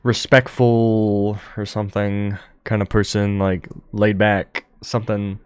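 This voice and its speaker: A young man hosting a solo podcast, talking in a monotone and rambling with many fillers into a close microphone. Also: on the low side, slow pace, clear, resonant tone, dry recording. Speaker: podcast host.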